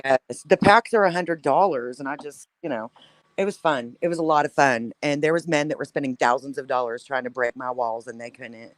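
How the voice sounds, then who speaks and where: A woman's voice: very deep voice, fairly quick, slight background noise. Chatty storytelling woman. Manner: animated storyteller, laughs often. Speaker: panelist. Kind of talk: casual chat.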